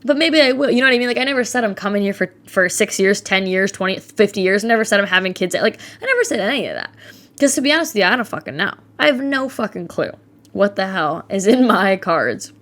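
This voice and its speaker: A woman's voice: medium pitch, lively intonation, fast, a bit bright. A woman in her twenties hosting a casual solo podcast, talking candidly and animatedly, swearing freely and mimicking the people she quotes. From Ohio. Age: 20s. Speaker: podcast host.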